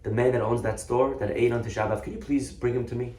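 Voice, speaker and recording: A man voicing a calm, stern old-time male rabbi who speaks dryly. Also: medium pitch, quick pace, reverberant, close to an everyday voice.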